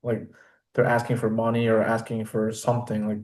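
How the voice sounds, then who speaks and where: Flat, mellow-voiced man chatting. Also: on the low side, a little fast. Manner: relaxed, reflective, with frequent fillers. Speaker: podcast host. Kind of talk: casual conversation.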